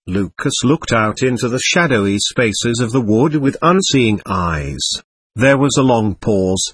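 A male audiobook narrator with a husky voice and a lively, varied pitch. He reads in a measured, expressive way, and the recording is dry and close. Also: dry recording.

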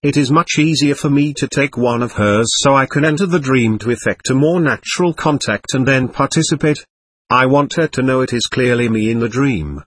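A man's voice: mid-range voice, moderate pace, slightly rough, natural voice. A man reading as a young woman's earnest spirit.

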